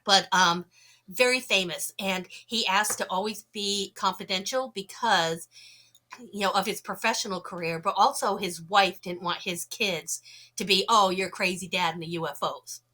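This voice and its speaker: A bright, forward-sounding woman tells her story with lively energy and voices the people in it. She has a slight cough and a touch of throat trouble. She sounds like a podcast guest speaking into a call mic. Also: mid-range voice, moderate pace. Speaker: guest, UFO investigator. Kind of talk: animated storytelling.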